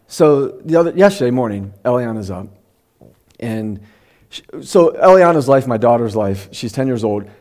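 A middle-aged man preaching in a conversational sermon, who slows down to read scripture and at times gets emotional. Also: medium pitch, darkish tone. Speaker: pastor.

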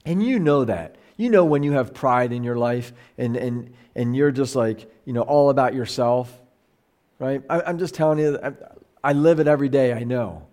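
A man's voice: medium pitch, moderate pace, a little mellow. A middle-aged man teaching a Bible study as a pastor, talking casually and animatedly, with frequent restarts and quoted voices acted out. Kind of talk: casual conversational sermon.

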